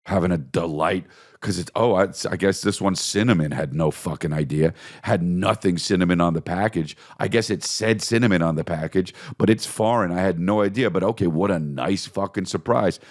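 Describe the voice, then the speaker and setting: A man hosting a podcast, telling crude, animated comedic stories and riffing with lots of profanity. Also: low-pitched, normal speed, hardly any pauses. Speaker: podcast host. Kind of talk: comedic storytelling monologue.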